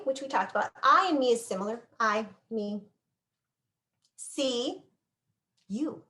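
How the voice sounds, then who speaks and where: Slow, demonstrative woman teaching a class. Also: mid-range voice, fairly bright tone. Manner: slow, demonstrative, drawn-out words while signing. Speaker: sign language instructor.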